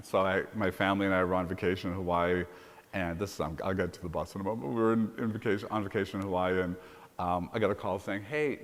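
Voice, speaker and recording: A deep, low-voiced man talks quickly through lively anecdotes, the way a university president does in a conference fireside chat. His voice carries the long reverb of a large conference hall. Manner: brisk anecdotal storytelling. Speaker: university president being interviewed.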